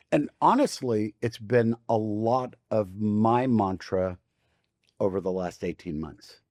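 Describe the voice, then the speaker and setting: A man co-hosting a podcast, speaking in a reflective, measured way as he gives life advice. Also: fairly low pitch, a little mellow, no room sound, studio quality. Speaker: podcast co-host. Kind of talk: casual podcast chat.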